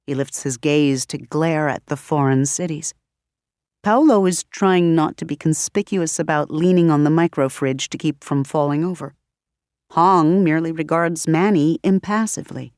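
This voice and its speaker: A woman narrating an audiobook with expressive, varied delivery. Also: low voice, normal speed, dry recording, clean studio sound. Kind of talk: scripted narration.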